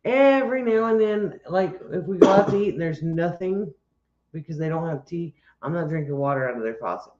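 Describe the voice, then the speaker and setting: A man's voice: a little high, expressive, fairly quick, a little mellow. A man chatting casually as a co-host, joking and laughing easily. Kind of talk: casual chat. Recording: roomy, slightly dull recording.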